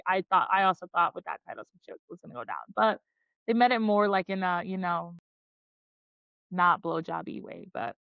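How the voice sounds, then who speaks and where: A woman hosts a book podcast and recaps chapters in loose, excited chat. She keeps dropping "like" as she goes. The recording is dry and a little muffled. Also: medium pitch, no echo. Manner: enthusiastic, frequent "like" fillers. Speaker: podcast host. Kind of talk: casual book-club chat, summarizing chapters.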